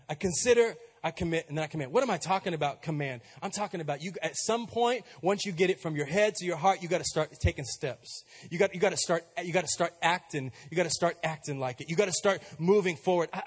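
A man's voice: on the high side, slightly rough. A man preaching a sermon as pastor, emphatic and repetitive with many restarts.

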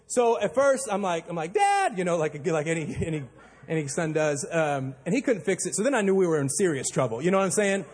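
A male pastor preaching a sermon, telling a story with animated delivery and acting out panicked quotes. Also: fairly high pitch, fast talker, husky. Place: church auditorium. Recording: long hall reverb.

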